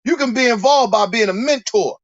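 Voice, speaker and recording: A man's voice: very high voice, brisk, no room sound, highs cut off. A man delivering a heated, profane monologue rant, preaching and repeating himself as he builds his points. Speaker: commentator.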